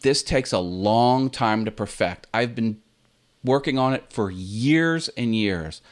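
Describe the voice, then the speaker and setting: A relaxed man chats casually as he hosts his own video channel, sharing tips and acting out how a sentence should sound. His voice comes through a computer's built-in webcam in a home set full of toys and games. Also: mid-range voice, slow pace. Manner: relaxed, chatty, demonstrates with own intonation. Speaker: YouTube channel host.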